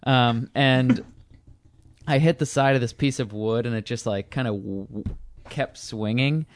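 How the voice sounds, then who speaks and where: A man's voice: medium pitch, a little slow. A man chatting casually about a movie, telling a rambling, profane personal story full of fillers and restarts. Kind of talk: casual chat.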